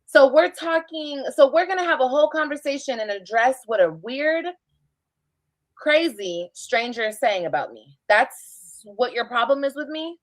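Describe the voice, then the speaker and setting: A woman's voice: high voice, dry recording, low-quality recording. A woman streamer who talks defensively and emphatically, repeating her points as she answers critics. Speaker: live streamer. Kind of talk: casual live-stream talk.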